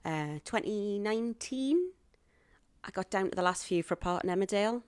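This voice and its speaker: A woman's voice: mid-range voice, normal speed, clear, resonant tone, no room sound. A woman, a guest telling her own stories in an interview and acting out the voices of people she quotes. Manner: animated storyteller acting out quoted dialogue. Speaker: guest, actress and stand-up comic. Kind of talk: podcast interview storytelling.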